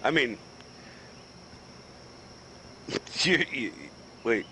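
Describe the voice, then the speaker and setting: A heated, foul-mouthed man from the East Coast rants through a casual gaming chat. His pitch swings up and down, rising high when he gets worked up. Faint crickets and insects chirp in the background. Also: lively intonation, takes it slowly, sharp tone, slight background noise, poor audio. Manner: profane, ranting, heated.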